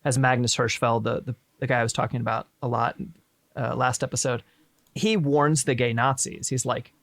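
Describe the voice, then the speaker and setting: Creaky-voiced man, casual and profane. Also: mid-range voice, fairly even intonation, normal speed, a bit bright, dry recording. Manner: irreverent, profane, joking asides. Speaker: stream host. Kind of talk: casual history chat on a live stream.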